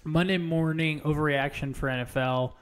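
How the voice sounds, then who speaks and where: A man co-hosting a casual sports podcast, calmly prompting and reacting with dry comments. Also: on the high side, moderate pace, clear, resonant tone. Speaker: podcast co-host.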